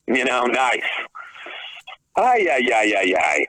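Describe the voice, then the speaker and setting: Man, heated podcast rant, sarcastic and profane, bright and lively. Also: medium pitch, takes it slowly, rough recording. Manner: profane, sarcastic, repetitive restarts.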